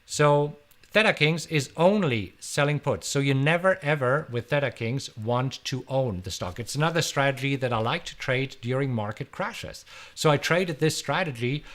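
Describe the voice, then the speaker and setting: This is a middle-aged German man hosting a live stream, answering his viewers in a chatty, high-energy way that repeats words. The German accent comes through in a mid-range voice moving at normal speed.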